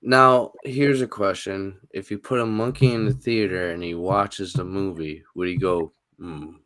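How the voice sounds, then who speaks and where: A man's voice: deep voice, steady tone, normal speed, fairly bright tone, no echo. A man co-hosting a live podcast, chatting casually with dry joking asides. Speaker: podcast co-host. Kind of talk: casual chat.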